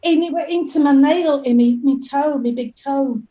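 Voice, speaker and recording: A woman's voice: high-pitched, moderate pace, mellow, dull audio. An older woman, the host's mother, chatting casually in short replies and laughing along. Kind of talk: casual chat.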